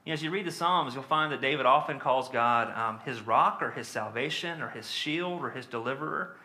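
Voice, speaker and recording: A man's voice: mid-range voice, fairly quick, bright, forceful tone. A man preaching a sermon in a conversational teaching manner, with frequent fillers and tag questions.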